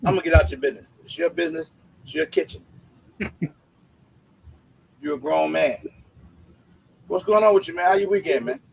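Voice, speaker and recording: A man's voice: a little high, normal speed, vocal fry, long pauses, a little hiss or hum, poor audio. A man hosting a casual livestream, greeting viewers by name in laid-back slang. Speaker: livestream host.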